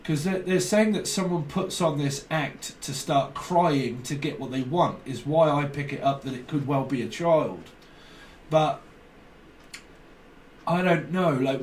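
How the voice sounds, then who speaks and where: A man's voice: on the high side, normal speed. Rambling male tarot reader, roomy and distant. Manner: rambling, free-associating, repeats himself. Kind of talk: casual spoken tarot reading. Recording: roomy echo, distant mic, faint background noise.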